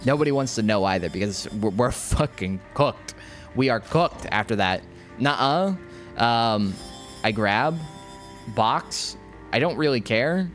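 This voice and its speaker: A young man talks over his gameplay in a loose, slangy ramble, tripping over restarts as his thoughts run ahead of him. His voice sits at an ordinary middle pitch. Quiet game music plays under his talk. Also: lively intonation, unhurried. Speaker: gaming YouTuber.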